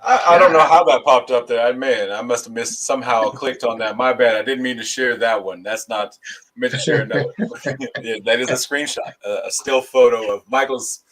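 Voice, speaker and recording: A man's voice: mid-range voice, normal speed, fairly bright tone, low-quality recording. A man in a casual talk show, explaining things in an easygoing way. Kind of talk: casual chat.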